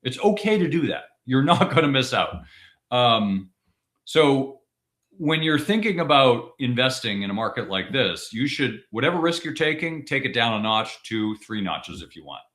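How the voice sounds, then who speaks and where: A man's voice: medium pitch, sing-song, normal speed, a bit bright. A man co-hosting a casual podcast discussion, talking emphatically and driving points home by repeating them, with frequent restarts. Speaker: podcast co-host.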